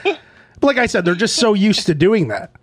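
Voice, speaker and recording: A man's voice: high voice, wildly swooping pitch, moderate pace. A man co-hosting a casual wrestling podcast, joking and laughing a lot and acting out voices. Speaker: podcast co-host. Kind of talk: casual chat.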